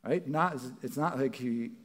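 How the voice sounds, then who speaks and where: A male pastor with a mid-range voice preaches a little slowly in a church. He keeps it conversational and acts out what people might say.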